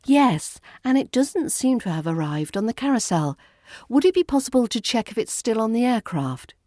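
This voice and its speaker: A woman's voice: on the high side, big pitch swings, moderate pace, warm tone, dry recording, clean studio sound. A woman with a British RP accent playing a polite, restrained traveller asking about lost luggage. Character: polite stranded female traveller.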